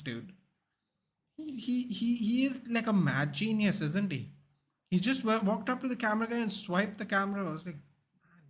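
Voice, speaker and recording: A young man hosting a live football watchalong, reacting casually to the match and chatting with viewers. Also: fairly high pitch. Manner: animated, chatty, reacts to the game and reads chat.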